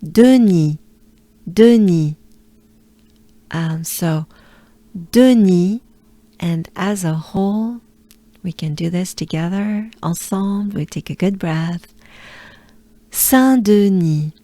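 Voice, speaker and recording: A woman from France with a French accent, coaching pronunciation in a cheerful, encouraging way and drawing out each word slowly. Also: fairly low pitch, fairly even intonation, warm tone, no echo. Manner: slow, drawn-out modeling of sounds, cheerful and encouraging. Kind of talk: pronunciation lesson.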